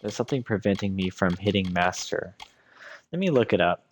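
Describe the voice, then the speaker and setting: A man's voice: low voice, expressive, fairly quick, a little hiss or hum. A tired man giving casual commentary on his game as a let's play streamer, musing aloud as he weighs his choices.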